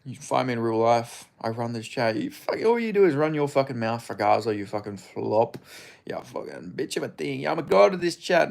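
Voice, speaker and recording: An Australian man answers his livestream chat in casual, profane banter. His voice sits at an ordinary pitch with a gravelly, creaky texture. His delivery stays blunt and laid-back. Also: very animated, moderate pace. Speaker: streamer reading chat.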